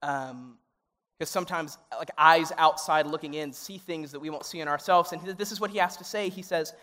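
A man's voice: on the high side, a little fast, bright, forceful tone. A young adult man, a youth pastor, preaching in a conversational, earnest way that grows emotional and pleading. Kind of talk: sermon. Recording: reverberant hall sound.

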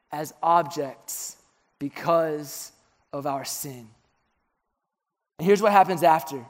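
A young man preaching a sermon, telling stories and dropping low and soft for confessions, then lifting his voice for questions. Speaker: pastor.

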